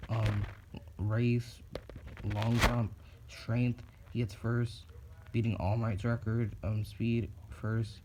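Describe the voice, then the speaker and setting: A man's voice: lowish voice, flat delivery, takes it slowly, heavy background noise. A thirteen-year-old boy retelling a fan story casually, rambling with lots of ums and restarts.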